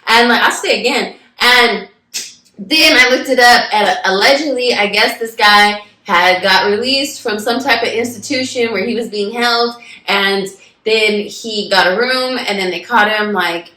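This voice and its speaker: A woman on a casual show retells a story with animated energy, swearing and acting out quotes. Her voice is a touch higher than most and bright and forceful. The room around her sounds echoey. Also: a little slow. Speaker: podcast co-host.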